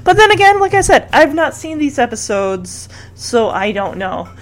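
A woman's voice: sits high, sing-song, normal speed, soft background music. Chatty, opinionated woman recapping a show. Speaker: TV recap vlogger. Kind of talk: casual episode recap.

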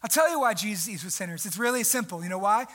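Young male pastor, very high bright voice, lively preaching with sharp jumps in pitch and volume. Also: quick pace. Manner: animated preaching, jumps pitch and volume for emphasis, mimics people. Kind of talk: sermon.

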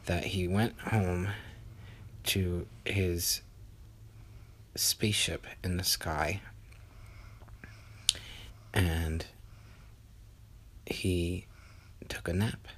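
A man telling a bedtime story in a soft, often half-whispered voice. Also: deep voice, fairly even intonation, very slow, pauses often, husky.

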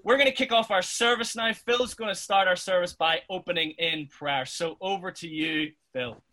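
A man's voice: high-pitched, normal speed, pushed and bright. An upbeat man leading an online church service, chatty with a few ums. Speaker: service leader.

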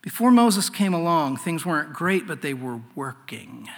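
A man preaching a sermon in an earnest way, often dropping to a hushed voice. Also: a little high, very animated, moderate pace. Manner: earnest, swings from loud to hushed. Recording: long hall reverb.

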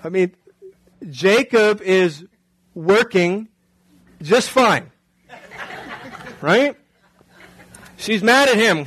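Man preaching a sermon, higher voice. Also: lively intonation, drawn-out words, pauses often, fairly bright tone, poor audio. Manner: conversational preaching with rhetorical questions. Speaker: pastor.

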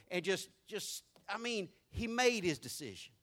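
A man preaching a sermon as pastor, swinging between loud, raised lines and hushed, low ones, folksy and conversational with the congregation. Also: very animated, measured pace. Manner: preaching with sweeping shifts between shouted and hushed delivery.

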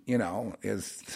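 A man rambling through a monologue, halting and repeating words, dropping to mutters and then rising into heated outbursts. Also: lowish voice, creaky, a little mellow, breathy edge.

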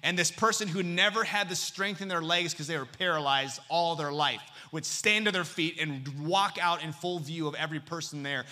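A man preaching a sermon as pastor, joking with the congregation and dropping to a hush for emphasis. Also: fairly high pitch, moderate pace, few pauses. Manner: lively and humorous, swinging between loud and hushed.

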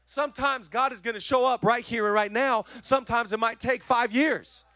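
High-voiced energetic preaching man. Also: moderate pace, no echo, studio quality. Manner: energetic, repetitive exhortation; chatty, joking asides. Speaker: pastor. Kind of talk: sermon.

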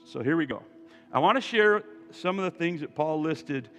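A man preaching a sermon as pastor, moving from quiet asides to loud, emphatic calls to his congregation. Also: fairly high pitch, lively intonation, moderate pace, long reverb tail, faint music behind. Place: church sanctuary.

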